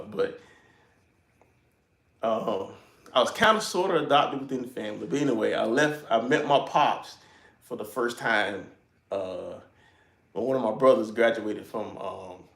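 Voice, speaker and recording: A man's voice: mid-range voice, lively intonation, normal speed, vocal fry, a bit bright. Laid-back South Carolina man in an echoey garage. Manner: laid-back, chuckling, folksy slang. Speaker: YouTuber hosting a garage livestream. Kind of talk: casual live-stream chat. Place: home garage.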